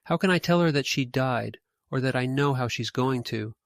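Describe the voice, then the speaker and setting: A man's voice: mid-range voice, normal speed, no echo, clean studio sound, lightly acted. A man doing a shaken, bewildered young man. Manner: quiet, shaky inner voice. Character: shaken young adult son, anxious and bewildered.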